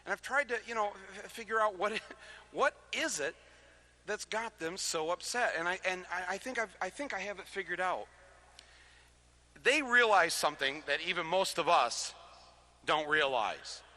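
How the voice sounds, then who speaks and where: A man's voice: high-pitched, bright, forceful tone. A man giving a live talk to an audience through a stage microphone, chatty and joking, with many restarts and small chuckles between points. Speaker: touring speaker addressing a live audience. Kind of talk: live political talk with comic asides. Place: public lecture venue before an audience. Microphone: amplified stage microphone.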